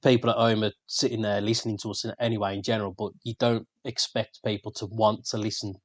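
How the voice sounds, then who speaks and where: A man's voice: lowish voice, flat delivery, fast. A man with a Birmingham accent co-hosting a podcast in casual, sweary banter. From England. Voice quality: sweary, laid-back banter. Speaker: podcast co-host. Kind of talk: casual chat.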